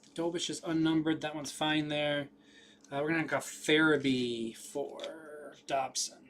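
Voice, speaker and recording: A man's voice: a little high, steady tone, unhurried, a bit bright. A man hosting a live card break, rattling off names with casual running commentary.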